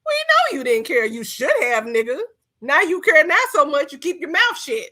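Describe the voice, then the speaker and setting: A woman's voice: sits high, very animated, moderate pace, pushed and bright. A woman co-hosting a podcast, talking brashly and mockingly in casual, profane banter. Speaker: podcast co-host.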